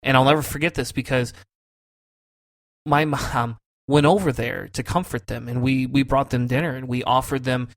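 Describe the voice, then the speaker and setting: A man on a casual podcast telling a long personal story. His voice sits at a middle pitch, and his delivery is loose and conversational. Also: steady tone, normal speed. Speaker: podcast co-host. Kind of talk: casual chat.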